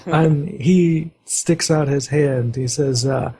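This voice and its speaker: A man narrating as game master of a tabletop role-playing game, with a halting delivery full of fillers. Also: mid-range voice, fairly even intonation, gravelly, dark tone, slightly rough, rough recording. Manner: halting, many fillers, voices NPCs lightly.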